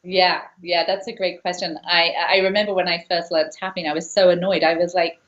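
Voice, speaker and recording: A woman's voice: on the low side, flat delivery, fairly quick, a bit bright. A woman coach, a guest on the show, explaining her technique in an earnest, explanatory way with frequent restarts. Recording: roomy, dull lo-fi call audio.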